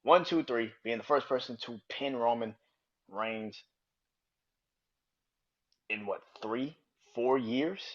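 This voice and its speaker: A man hosting his own podcast, ranting angrily and swearing, jumping from loud outbursts to low mutters. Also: slow, pauses often. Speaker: podcast host. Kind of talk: casual solo podcast rant. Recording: dull lo-fi sound.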